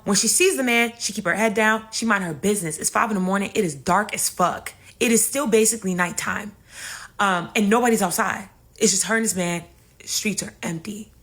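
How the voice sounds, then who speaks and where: A young woman telling a comedic story in a casual, animated and profane way, speaking straight to her audience. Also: on the high side.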